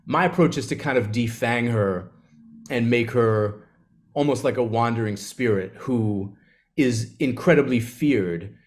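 A man, an author, telling an animated story in an onstage conversation and acting out the quotes. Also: mid-range voice, a little slow. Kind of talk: live conversation on stage.

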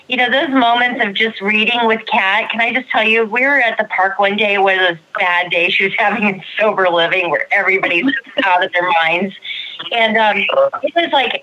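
A woman speaking in a bright, forceful voice, effusive and rambling, often circling back with fillers. The sound is dull and lo-fi, like call audio. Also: mid-range voice. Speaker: guest sharing recovery story. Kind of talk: casual podcast chat.

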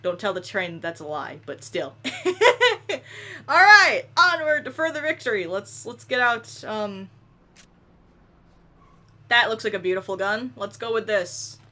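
A young woman giving excitable let's play commentary, yelling and laughing at the game. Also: medium pitch, measured pace. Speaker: gaming YouTuber.

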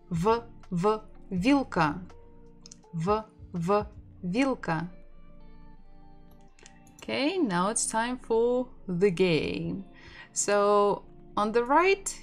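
Woman teaching a language lesson, says every word twice, really slow, faint music in the back. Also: on the high side. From Russia. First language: Russian. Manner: slow, repeats each word for learners to echo.

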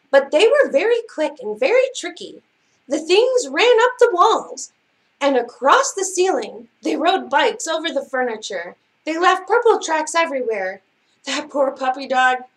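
A woman librarian reads a picture book aloud for children at story time, expressive and given to big exclamations. Her voice sits high and her pace is slow and deliberate.

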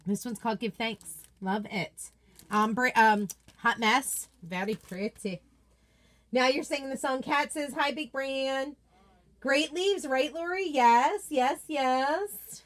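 Female host, high voice, gushing and chatty, casual live craft unboxing. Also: measured pace, fairly bright tone. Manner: gushing, chatty, reads viewer comments aloud. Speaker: craft product consultant and host.

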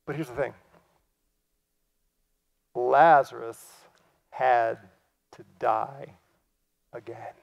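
A man preaching a sermon, acting out quoted lines and swinging from loud cries to hushed, near-whispered passages. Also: mid-range voice, very slow, creaky, pauses often, muffled recording. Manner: acts out quoted lines in lively voices. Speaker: pastor.

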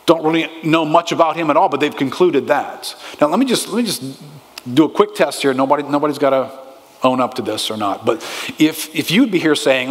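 Here a pastor with a fairly high voice talks a little fast, delivering an emphatic, rising sermon full of questions for the congregation. The church sanctuary gives the audio a long hall reverb.

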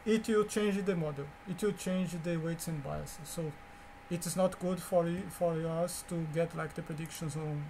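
A man whose first language is Portuguese, teaching a coding lecture in a halting way, with fillers, restarts and repeated words. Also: a little high, steady tone, darkish tone, slight background noise. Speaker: course instructor.

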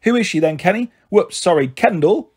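In a raised, fairly high voice with a breathy edge, a man plays a bustling, big-hearted middle-aged aunt who runs a pub. He speaks at a moderate pace, animated, warm, jolly, and frank.

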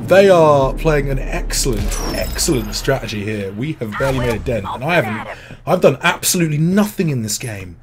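Over a crowd in the background, a British man talks a little fast in a medium-pitched, lively voice. Hosting a gaming livestream, he keeps things chatty and self-deprecating, reading chat messages aloud as he casually comments on the gameplay.

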